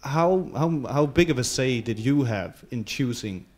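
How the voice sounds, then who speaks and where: A man's voice: mid-range voice, expressive, unhurried, darkish tone. A man interviewing a guest in English, hesitant with many filler sounds. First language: Danish.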